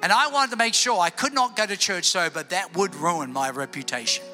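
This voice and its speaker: Male pastor, very high and bright tone, animated testimony, soft music under him. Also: a little fast. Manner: animated storytelling, drops to hushed tones for prayer. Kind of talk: Easter sermon with personal testimony. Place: church building before a congregation.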